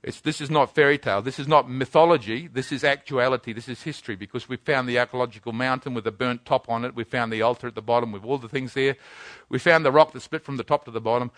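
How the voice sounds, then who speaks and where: A man preaching a sermon, building to loud, rapid-fire rhetorical questions. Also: medium pitch, no room sound.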